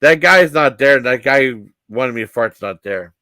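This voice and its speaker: A man's voice: mid-range voice, animated, sharp tone, no echo. Rambling middle-aged man, dry close sound. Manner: halting, many restarts and fillers. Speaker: vlog host. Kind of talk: rambling personal storytelling.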